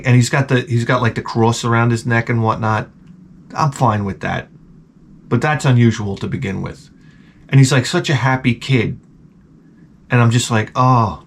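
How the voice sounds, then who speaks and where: A man telling a rambling, profane comic story with deadpan asides, as a vlogger. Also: mid-range voice, slight background noise.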